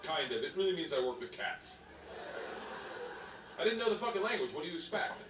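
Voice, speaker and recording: Stand-up guy yelling punchlines, a bit high, played back far off in an echoey noisy room. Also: fairly quick. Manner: animated, laughing, bellows punchlines. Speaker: stand-up comedian. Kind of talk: stand-up storytelling.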